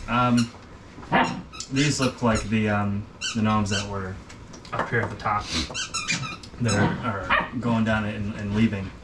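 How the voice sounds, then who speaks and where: A man's voice: on the low side, fairly even intonation, slow pace, pauses often. A man narrating as game master for a tabletop game, hesitant with many ums, recorded from a distance with background noise.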